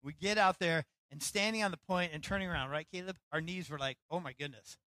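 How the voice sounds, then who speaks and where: Male pastor, middle-aged, preaching; bright, forward tone, dry close sound. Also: high-pitched, fast talker, dry recording, low-quality recording. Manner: storytelling, animated, acts out quotes. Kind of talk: sermon.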